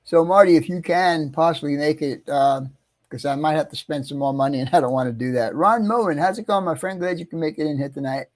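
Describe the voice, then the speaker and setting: A middle-aged American man hosting a casual livestream, chatty and easygoing, greeting viewers one by one and clearing his throat often. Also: on the high side, fairly quick. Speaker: livestream host.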